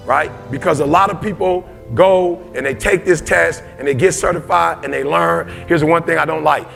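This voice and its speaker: Guy with a pretty high voice doing a motivational speech, punchy storytelling, little bit of music in the back. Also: moderate pace, gravelly, hardly any pauses, fairly bright tone. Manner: emphatic, personal storytelling with audience call-outs. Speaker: motivational speaker.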